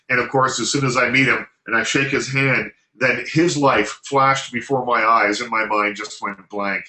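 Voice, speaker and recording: A man recounts a story in relaxed, casual talk, laughing along the way. His voice comes across bright and forceful. The sound is roomy, with a clear echo. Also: medium pitch, normal speed, few pauses. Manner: animated anecdote telling, laughs often.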